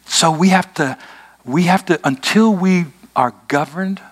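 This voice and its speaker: A man's voice: high-pitched, unhurried. A man preaching a sermon as pastor, emphatic and conversational, asking his congregation rhetorical questions.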